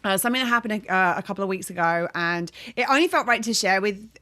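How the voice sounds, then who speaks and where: A woman co-hosting a casual podcast, her voice bright and clear. She talks in an animated way, laughs easily and scatters her sentences with fillers as she goes. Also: mid-range voice, quick pace. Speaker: podcast co-host.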